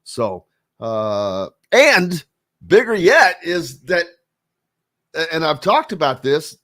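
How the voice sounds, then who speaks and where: A man's voice: a little high, sing-song, takes it slowly, bright, forceful tone. A man hosting a sports radio show, speaking in a rambling casual way with lots of fillers and restarts.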